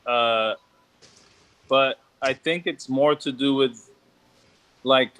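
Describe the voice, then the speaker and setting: A man's voice: mid-range voice, takes it slowly, a bit bright. A man with a New Zealand accent, a tattoo artist chatting casually with friends. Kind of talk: casual chat.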